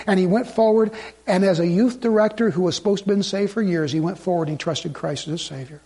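A man preaching a sermon as pastor, swinging between loud urgency and hushed pleading. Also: sits high, quick pace, slightly rough.

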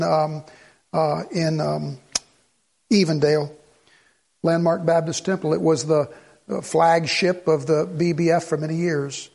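High-voiced preaching man, loud then hushed. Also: gravelly. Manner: preachy, swings from loud exhortation to low earnest asides. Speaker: pastor. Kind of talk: sermon.

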